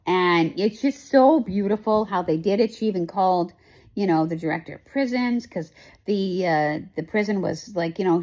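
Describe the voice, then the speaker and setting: A woman's voice: on the low side, a little mellow. A woman hosting a casual chat, recapping a TV show with lots of emotion, rambling with many fillers and restarts. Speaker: host.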